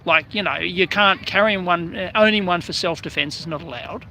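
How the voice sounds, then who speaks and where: A man's voice: high voice, normal speed, pushed and bright, a little hiss or hum. An Australian man hosting a casual outdoor live stream, chatting and greeting viewers by name in a rambling way. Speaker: livestream host.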